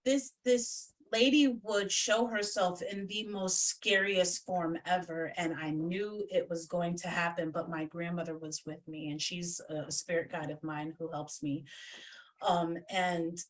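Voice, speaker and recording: A woman's voice: lowish voice, fairly even intonation, unhurried. Woman psychic medium, casual guest, blunt and salty-mouthed, distant video-call audio. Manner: blunt, swears freely. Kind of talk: casual chat. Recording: distant from the mic.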